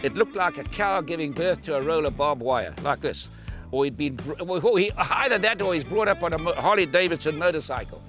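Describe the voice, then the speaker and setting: A man in his eighties telling an animated anecdote, acting out the voices of the people in it. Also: on the high side, brisk, faint music behind. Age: 80s. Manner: lively, acts out the quoted voices. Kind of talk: animated storytelling.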